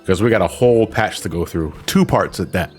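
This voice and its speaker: Lowish guy gaming on stream, rambly, lots of um and restarts, faint music behind. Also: a little fast. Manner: rambling, many restarts and fillers, swears freely. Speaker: streamer playing an online game. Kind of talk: casual gaming chat.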